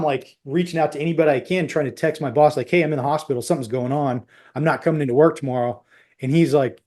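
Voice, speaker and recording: An intense man in his thirties tells a personal story as a podcast guest. His voice sits a little high for a man, and he slips into the voices of the people he quotes as he retells each exchange. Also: darkish tone.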